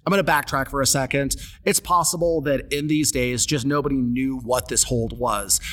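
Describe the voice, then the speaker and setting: A man hosting a podcast, telling a story in an animated, casual way with joking asides. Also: a little high. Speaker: podcast host.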